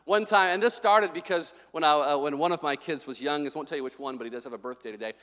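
A man with a high voice preaches a sermon, slipping easily between joking, chatty asides and emphatic calls to his congregation. His voice rings out with a long, lingering reverb from a large church hall. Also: fast, a bit bright. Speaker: pastor.

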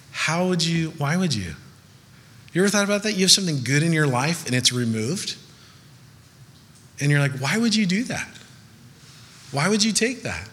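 Young male pastor from Southern California, bright voice, long hall reverb. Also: mid-range voice. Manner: conversational, animated storytelling with laughs. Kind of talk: sermon.

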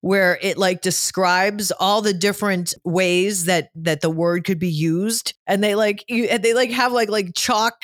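A woman's voice: mid-range voice, level tone, measured pace, few pauses, dry recording, studio quality. A woman in her forties hosting a podcast interview in a brash, profane, joking way. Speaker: podcast host.

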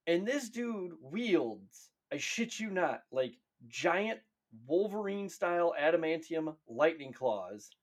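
Man, podcast co-host, husky, lively pitch, emphatic and profane. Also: takes it slowly, few pauses. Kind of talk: casual chat.

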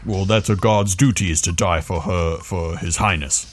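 A man voicing a gruff, haughty male guard behind a door. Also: low-pitched, moderate pace, a little hiss or hum, lightly acted.

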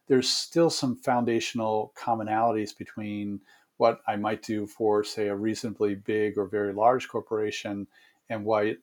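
A man giving long, measured answers as a guest consultant in an interview, with frequent fillers and restarts. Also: lowish voice, a little mellow.

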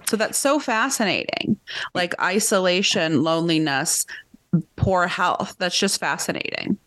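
A woman co-hosting a book club podcast, chatty and animated, laughing often. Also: on the low side, a little slow, dry recording. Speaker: podcast co-host. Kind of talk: casual book club chat.

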